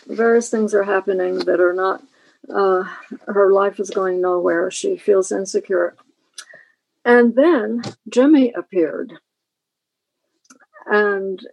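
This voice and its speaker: A woman novelist from Kentucky, a guest reading slowly and deliberately from her own book. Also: medium pitch, vocal fry, darkish tone, husky, no echo, rough recording.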